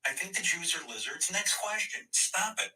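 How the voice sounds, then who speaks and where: A man's voice: high-pitched, lively intonation, moderate pace, bright, forceful tone, recorded from a distance, pitched above the performer's own voice, heavily acted, rough recording. A man doing a mocking, exaggerated impression of a petulant young man, heard from a clip played back. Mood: whiny.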